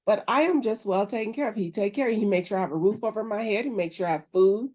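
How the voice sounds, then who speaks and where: Playful quick-talking woman co-host. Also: a little mellow. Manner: quick, playful, high-pitched quoted voices. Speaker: podcast co-host. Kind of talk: casual faith chat.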